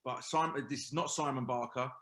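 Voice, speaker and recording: A middle-aged man, chatting as a podcast guest about his old teammates. He rambles through anecdotes, restarts his sentences and slips into quoted asides. His voice carries a roomy echo, sitting at an ordinary pitch for a man. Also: fairly even intonation, fairly quick, a bit bright. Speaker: podcast guest, former professional footballer. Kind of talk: casual chat, storytelling.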